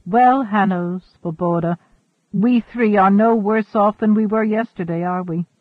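A kind woman colonist who is sad but consoling, as a man voices her. The voice sits high and sounds tinny and phone-like, with no echo. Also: unhurried. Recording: narrow, phone-like, dry sound.

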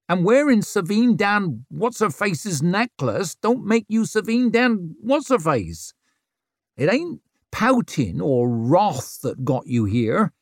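A man voicing a blunt, dry-witted wild hill woman who mocks and lectures in rough country grammar. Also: mid-range voice, no room sound, voice pushed up, exaggerated voice.

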